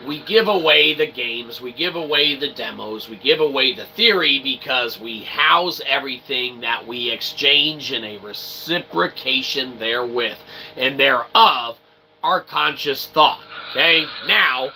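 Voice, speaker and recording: A man's voice: mid-range voice, unhurried, gravelly, bright, forceful tone, slight background noise, poor audio. A man hosting a casual livestream, rambling and joking in wordy, roundabout phrases. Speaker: streamer and host.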